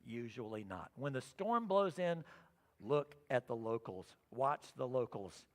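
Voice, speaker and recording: A middle-aged man preaching a sermon as pastor, telling a personal story and acting out his own thoughts, sometimes loud and sometimes soft. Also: mid-range voice, sing-song, unhurried. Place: church sanctuary. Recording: reverberant church sanctuary.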